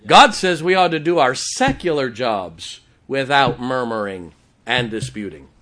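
A man's voice: medium pitch, very animated, unhurried, fairly bright tone. A middle-aged man preaching a sermon, drawing call-and-response from the congregation and slipping in jokes. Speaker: pastor.

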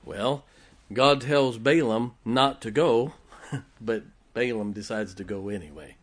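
A man's voice: mid-range voice, slow. A man preaching a sermon, retelling a Bible story in a folksy way and chuckling often as he goes.

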